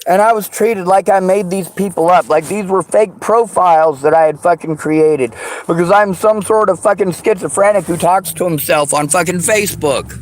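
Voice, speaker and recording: A man's voice: sits high, moderate pace, poor audio. A man in an angry personal rant, swearing heavily and lashing out with bitter sarcasm.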